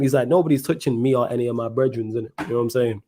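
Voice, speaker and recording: A young man, co-hosting a football watchalong in casual chat, slangy and excitable, swearing freely. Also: mid-range voice, racing, a little hiss or hum. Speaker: watchalong co-host.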